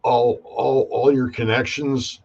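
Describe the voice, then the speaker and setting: A man's voice: mid-range voice, flat delivery, slow, creaky, darkish tone, lo-fi sound. A man hosting a casual chat, asking rambling questions with many restarts. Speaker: host. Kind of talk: casual video call chat.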